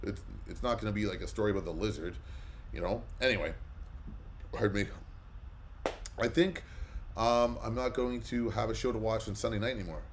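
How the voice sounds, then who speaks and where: A man's voice: lowish voice, normal speed, long pauses, a little hiss or hum. A man hosting a live comic book auction, chatting casually and rambling with lots of fillers between bids. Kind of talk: casual livestream chat.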